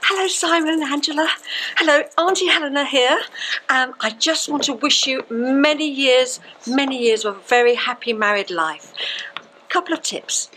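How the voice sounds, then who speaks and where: A woman's voice: high-pitched, normal speed, bright, forceful tone, slight background noise, poor audio. A woman playing a motherly, advice-giving auntie. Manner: motherly, instructive. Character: doting, advice-giving elderly aunt. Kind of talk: amateur stage acting.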